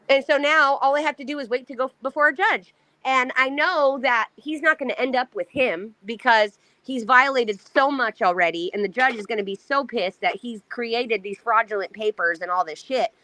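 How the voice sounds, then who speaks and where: Heated, profane woman ranting, bright voice. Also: on the high side, brisk, no echo. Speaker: mother telling her story. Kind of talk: angry personal account.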